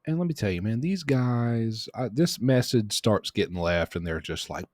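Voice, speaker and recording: A man hosting a podcast, telling a story casually in a rambling, animated way and correcting himself as he goes. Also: mid-range voice, moderate pace, few pauses, dry recording, studio quality. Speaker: podcast host.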